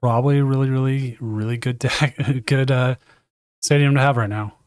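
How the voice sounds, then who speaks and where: A man's voice: medium pitch, fairly even intonation, normal speed, a little mellow, smooth, no room sound. A man hosting and casting a live card game tournament from a home desk, chatting loosely and correcting himself as he goes. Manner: chatty and rambling, self-correcting. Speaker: tournament caster and stream host. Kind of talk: casual live game commentary.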